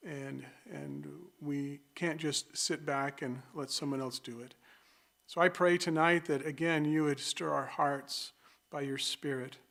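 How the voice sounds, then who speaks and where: A man's voice: on the high side, steady tone, measured pace, vocal fry, fairly bright tone. Man leading an earnest prayer. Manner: earnest, fervent. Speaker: pastor. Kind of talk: opening prayer.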